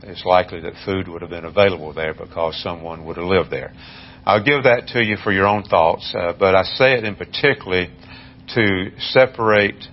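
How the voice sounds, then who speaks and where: Deep-voiced guy going through bible verses, slow and halting, lots of uhs, muffled sound. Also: slight background noise. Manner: measured, halting, many fillers and restarts. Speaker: Bible teacher. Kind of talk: Bible study lesson.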